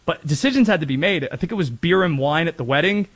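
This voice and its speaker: A man from North Carolina hosts a casual sports talk show in a slightly high-pitched voice. He rambles through stories with chatty, self-deprecating asides. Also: animated, quick pace. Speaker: sports radio host.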